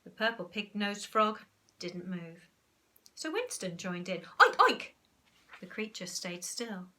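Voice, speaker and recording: A woman teacher, reading a storybook aloud in an animated, expressive way. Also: medium pitch, a little slow.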